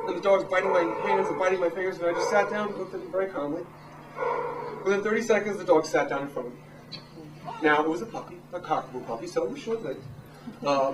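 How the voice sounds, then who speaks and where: A man in his thirties, a dog trainer, giving a casual, animated talk to a live audience. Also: fairly high pitch. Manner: animated, acts out quotes in raised voices. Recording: echoey room from far off, noisy.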